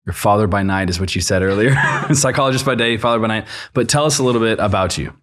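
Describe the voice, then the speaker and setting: A young man hosting a podcast, upbeat and quick to laugh. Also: on the low side, fairly bright tone. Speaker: podcast host. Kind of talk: casual podcast chat.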